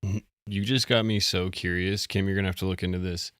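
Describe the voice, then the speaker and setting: A man co-hosting a live stream, chatting casually and thinking out loud with self-deprecating asides. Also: deep voice, flat delivery, fairly quick, clean tone, no room sound, studio quality. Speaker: co-host.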